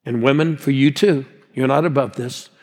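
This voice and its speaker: A man's voice: medium pitch, steady tone, moderate pace. Sixty-something pastor guy, rousing sermon, keeps calling out to the crowd, big echoey hall. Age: 60s. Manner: rousing, calls out to the congregation. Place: large church hall. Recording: long hall reverb.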